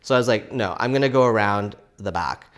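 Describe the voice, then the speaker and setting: A man's voice: on the low side, fairly quick. A man hosting a casual crafting vlog, telling a rambling story with lots of "like" fillers and laughter. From Canada. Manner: animated, laughing, frequent "like" fillers.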